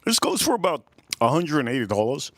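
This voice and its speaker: A man hosting a casual live stream, reading out chat messages and giving shout-outs, repeating his phrases and swinging between loud bursts and low mutters. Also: a little fast. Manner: animated, reads out chat and gives shout-outs.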